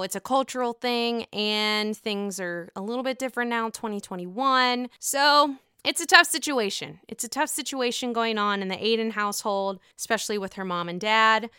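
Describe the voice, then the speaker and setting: Chatty, profane woman with a bright, crisp voice. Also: mid-range voice, no room sound, clean studio sound. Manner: chatty, profane, acts out quotes. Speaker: podcast host recapping a reality show. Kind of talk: casual recap commentary.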